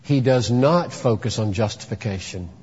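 A man's voice: medium pitch, normal speed, darkish tone, slightly rough. A man preaching a sermon, emphatic and dramatic, acting out courtroom scenes as he teaches. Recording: echoey hall, dull lo-fi sound.

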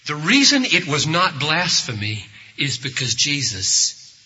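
A male pastor delivers a sermon with a forceful, bright and somewhat raised voice. He tells his stories dramatically and acts out the people in them. The recording sounds dull and lo-fi, with a long reverb from an echoey hall. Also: on the high side, huge pitch swings, a little slow, breathy edge. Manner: dramatic storytelling, acting out quoted voices. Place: church service before a congregation.

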